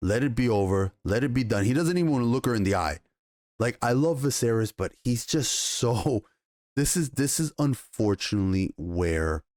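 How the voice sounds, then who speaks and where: A man casually reviewing a TV episode, retelling scenes with excited, profane enthusiasm and quoted dialogue. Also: lowish voice, no echo, studio quality. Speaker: TV show reviewer.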